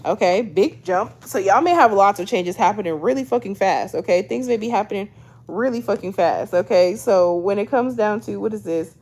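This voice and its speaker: A chatty young woman in her twenties gives a casual tarot reading to her viewers, talking at a mid-range pitch that is neither high nor low. She drifts between reading guidebook text aloud and loose, slangy asides. She keeps checking in with a quick "okay?" as she goes. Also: lively intonation, a little mellow. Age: 20s. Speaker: tarot reader.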